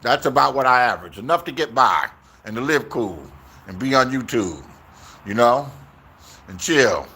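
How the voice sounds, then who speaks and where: A man's voice: mid-range voice, lively intonation, moderate pace, pauses often, sharp tone, slightly rough. A man in his sixties from Inglewood, telling rambling, profane stories in a casual vlog and acting out the voices he quotes, recorded outdoors. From Inglewood, Los Angeles, USA. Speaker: YouTuber.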